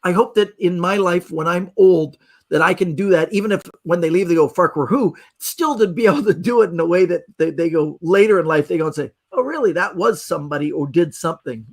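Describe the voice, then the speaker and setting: High-voiced Canadian man telling stories. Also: brisk. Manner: animated storyteller acting out quoted voices. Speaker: magician guest. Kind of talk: casual storytelling on a podcast.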